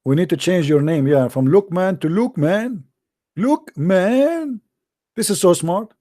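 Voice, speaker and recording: A man's voice: on the high side, animated, normal speed, warm tone. A man hosting a live call-in religious debate, talking in a mocking, taunting way. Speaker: call-in show host.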